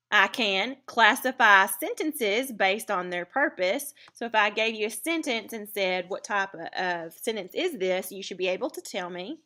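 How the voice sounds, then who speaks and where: A woman teaching a recorded writing lesson, explaining clearly and deliberately with occasional fillers. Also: medium pitch, bright, forceful tone.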